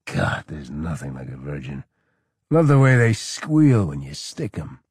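A man's voice: extremely low pitch, big pitch swings, unhurried, a little mellow, slightly rough, no room sound, clean studio sound, pitched below the performer's own voice, heavily acted. A man reading a story aloud and voicing a drunken, crude Roman general who slurs and bellows. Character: drunken boorish male Roman general, leering.

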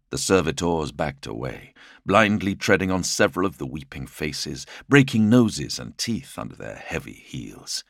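Very deep, gravelly male narrator. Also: fairly bright tone, dry recording, clean studio sound. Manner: dramatic, measured storytelling. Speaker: audiobook narrator. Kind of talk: scripted narration.

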